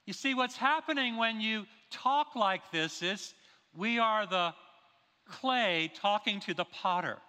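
High, bright-voiced male preacher. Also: takes it slowly, smooth. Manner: emphatic preaching with rhetorical questions. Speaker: pastor. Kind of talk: sermon. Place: church sanctuary. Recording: long reverb of a large hall.

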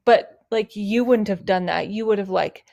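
In a creaky, darkish mid-range voice at normal speed, a woman speaks earnestly and openly while co-hosting a casual podcast with her husband. Her heartfelt talk is sprinkled with plenty of "like."

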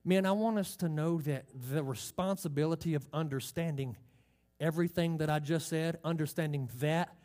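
Emphatic high-voiced preacher. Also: male voice, moderate pace, darkish tone. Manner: emphatic, drawls key phrases, asks the congregation questions. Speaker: pastor. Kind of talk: sermon.

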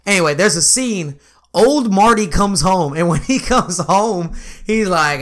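A young man chatting casually, telling animated stories with lots of laughing and swearing. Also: high-pitched, moderate pace. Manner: animated storyteller, laughs often, swears freely. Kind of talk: casual chat.

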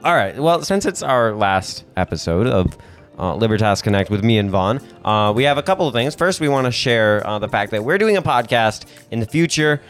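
A man's voice: lowish voice, very animated, a little fast, soft background music. A young man in his late teens co-hosting a casual podcast, chatty and upbeat, with frequent "uh" fillers. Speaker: podcast co-host. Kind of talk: casual chat.

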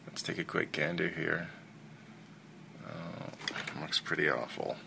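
A man's voice: extremely low pitch, fairly even intonation, a little slow, vocal fry, background noise. A man hosting a podcast, casually reviewing a film in a rambling, enthusiastic way with many fillers and restarts.

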